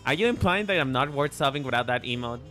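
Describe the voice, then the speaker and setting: A male VTuber streamer chats casually with viewers while livestreaming a game, playful and teasing, often repeating and restarting his words. His mid-range voice is animated, quick and sharp. Soft music plays in the background.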